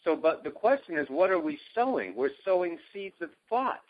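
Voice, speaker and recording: A man's voice: big pitch swings, normal speed. A man coaching, explaining his ideas enthusiastically and emphatically over a call. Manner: enthusiastic, emphatic, jumps pitch on key words. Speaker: guest, self-help coach. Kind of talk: animated conversational explaining. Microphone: call line. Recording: dull lo-fi phone-call audio.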